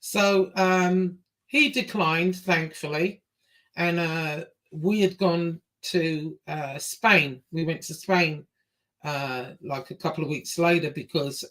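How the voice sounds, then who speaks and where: Blunt English woman telling a story. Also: slow. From England. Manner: lively, acts out quotes with big pitch jumps; blunt, swears freely. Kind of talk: casual storytelling.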